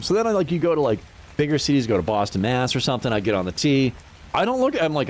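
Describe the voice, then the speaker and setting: A man's voice: medium pitch, fast talker. A young man, casually telling swear-filled stories and laughing as he streams a game. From New Hampshire. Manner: animated storytelling, swears freely, laughs often. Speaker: livestreamer. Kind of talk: casual chat while gaming.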